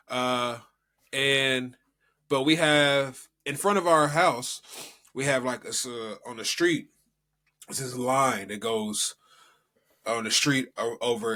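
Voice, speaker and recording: A young man from the United States talks with an easy, mid-pitched voice, neither high nor low. He co-hosts a casual podcast chat and tells stories in a rambling way. His sentences wander and restart, padded with fillers. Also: measured pace, sharp tone. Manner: rambling storytelling with many fillers. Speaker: podcast co-host.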